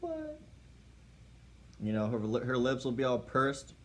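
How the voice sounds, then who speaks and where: A man's voice: mid-range voice, fairly even intonation, a little fast, fairly bright tone. A man giving mock-serious dating advice in a playful comedy monologue.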